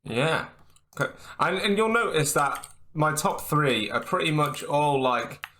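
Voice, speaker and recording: A man talks through his album picks in a bright, forceful voice. He halts often, with fillers and restarts, in a relaxed chat among friends. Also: fairly high pitch, measured pace, slight background noise. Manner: hesitant, lots of fillers and restarts. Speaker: podcast co-host reviewing an album. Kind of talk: casual chat.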